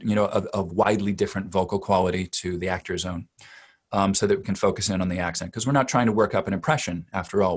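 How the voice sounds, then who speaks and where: Deep-voiced male dialect coach, emphatic. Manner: emphatic, repeats words while building long explanations. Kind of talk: expert interview answer.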